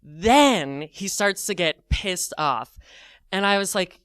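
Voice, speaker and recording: A man telling a comic personal story, animated and full of fillers, acting out his own thoughts as he goes. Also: on the high side, a little slow, smooth, no room sound, studio quality.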